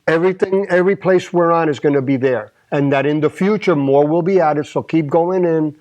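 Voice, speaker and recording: Male co-host, Spanish accent, playful quips, somewhat high voice. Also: fairly quick, a little mellow, muffled recording. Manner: joking, teasing interjections. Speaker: podcast co-host. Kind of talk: casual chat.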